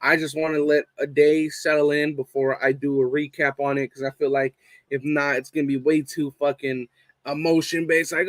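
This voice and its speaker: A man's voice: fairly high pitch, flat delivery, normal speed, dry recording. A young man hosting a casual live fan stream, swearing a lot and repeating his points for emphasis. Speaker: fan show host reading live chat.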